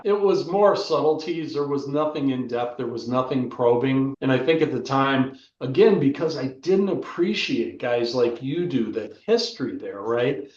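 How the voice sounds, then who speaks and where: An older American man, a former football player, telling animated stories in a casual interview and often asking "right?". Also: mid-range voice, moderate pace, few pauses, distant mic. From United States. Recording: roomy, dull lo-fi sound.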